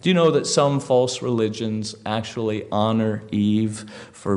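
A pastor preaching a sermon, telling a story emphatically with rhetorical questions. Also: male voice, fairly low pitch, measured pace, hardly any pauses, darkish tone.

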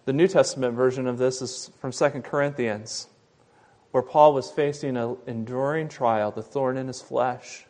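A man preaching a sermon, retelling a Bible story, loud and emphatic in some passages and quiet and soft in others. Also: medium pitch, fairly even intonation, moderate pace. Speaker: pastor.

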